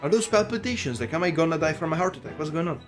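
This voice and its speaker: A man's voice: on the high side, lively intonation, rapid-fire, faint music behind. A young man streaming a game, chatting casually and swearing often. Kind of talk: casual gaming commentary.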